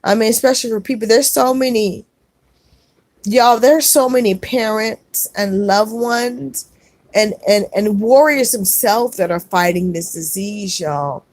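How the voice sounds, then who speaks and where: A woman's voice: a little high, measured pace, a little mellow, no echo. A middle-aged woman hosting a casual livestream, reading viewer comments aloud and answering with earnest comfort, often saying "y'all.".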